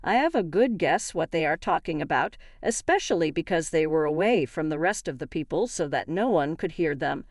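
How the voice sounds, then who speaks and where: A woman tells a dramatic first-person story aloud. Her voice sits a little low and swings lively in pitch. The sound is dry and close. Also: normal speed, hardly any pauses, no echo. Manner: reads all characters in an even narrating voice.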